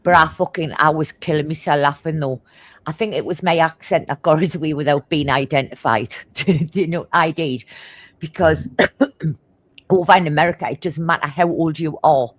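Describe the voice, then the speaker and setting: A middle-aged woman from Newcastle, England, speaks with a thick Geordie accent in a slightly low voice, chatting casually and telling stories. She talks fast, blunt and animated, swearing in nearly every line. The recording is dry.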